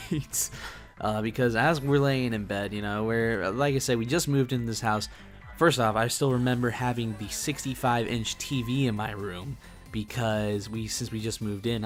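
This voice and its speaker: Rambling young man telling a story. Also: fairly low pitch. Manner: rambling, self-mocking, with restarts. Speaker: gaming channel host. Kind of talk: casual storytelling over gameplay.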